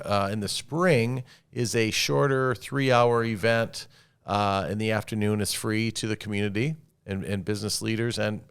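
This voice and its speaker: Upbeat host in his fifties, low and smooth, casual chatty interviewer. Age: 50s. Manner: upbeat and enthusiastic. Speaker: podcast host.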